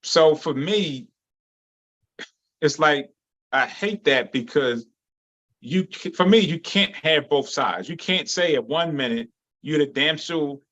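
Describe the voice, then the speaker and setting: A man hosting a casual discussion on a video call, voicing his views in a measured way. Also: a little high, lively intonation, a bit bright. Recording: muffled video call audio.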